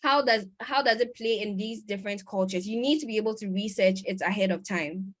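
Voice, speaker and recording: Over a video call, a woman with a medium-pitched voice presents a conference lecture on research methods. She explains things step by step, pausing often and correcting herself mid-sentence.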